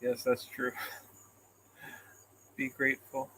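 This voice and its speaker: A man's voice: mid-range voice, completely flat delivery, very slow, a bit bright, slight background noise, low-quality recording. A man hosting a casual live stream, reading out comments in a rambling, self-deprecating way and chuckling often, into a phone camera. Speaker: livestream host.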